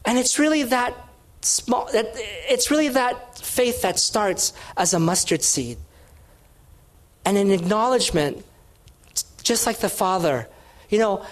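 A woman's voice: mid-range voice, expressive, measured pace. A woman giving a devotional sermon, earnest and emphatic, sometimes restarting her sentences. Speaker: Bible teacher.

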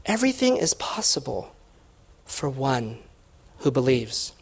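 A woman voicing Jesus as a grave, commanding male teacher, slow and solemn. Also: very deep voice, very animated, vocal fry, darkish tone, husky, pitched below the performer's own voice, heavily acted.

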